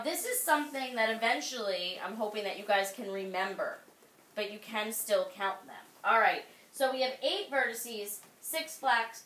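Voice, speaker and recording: A woman's voice: a little high, bright, forceful tone, far from the mic. A woman teaching a second grade class, quizzing the children by name and praising them patiently. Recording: echoey classroom, voice off-mic.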